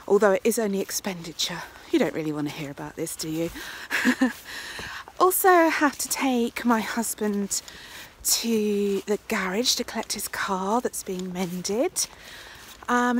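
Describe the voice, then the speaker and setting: A woman's voice: mid-range voice, slight background noise. An English woman hosting a casual vlog, talking into her phone while out walking and later at home. She chats freely and often drops into a whisper. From England. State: out of breath. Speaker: podcast host. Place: outdoors on a walk, then indoors. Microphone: phone held at arm's length.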